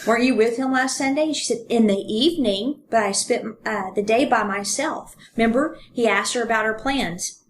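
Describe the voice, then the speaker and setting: A woman's voice: on the high side, moderate pace, slight background noise. A woman co-hosting a podcast, casually retelling a true-crime story and reading passages aloud with ums and fillers. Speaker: podcast co-host.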